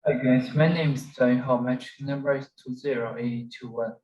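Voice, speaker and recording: A man's voice: mid-range voice, moderate pace, reverberant, lo-fi sound. Young man reading a class presentation. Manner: steady, scripted delivery. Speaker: student presenter.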